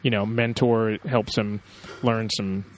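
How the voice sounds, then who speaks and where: A man's voice: fairly low pitch, little pitch movement, slow pace, slight background noise. A man co-hosting a casual podcast chat, talking with frequent fillers and hesitations. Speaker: podcast co-host.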